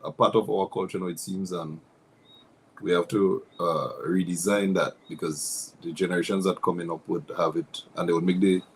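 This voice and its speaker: A man, a guest on the line, speaking in a measured, hesitant way with many ums. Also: deep voice, a little mellow, slight background noise.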